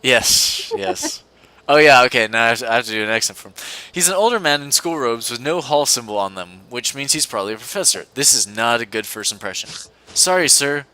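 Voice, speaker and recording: A man's voice: mid-range voice, sing-song, a little fast, sharp tone. A young man hosting a co-op game video, reading a visual novel aloud with playful, giggly asides. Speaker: let's-play host reading a visual novel. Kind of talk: casual co-op game commentary and read-aloud. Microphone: desk mic at a computer.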